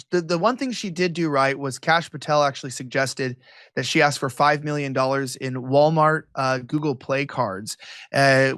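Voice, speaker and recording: A man's voice: on the high side, a bit bright, no room sound, studio quality. A man from the United States, a guest in an interview, giving heated political commentary in a sarcastic, mocking way with many restarts.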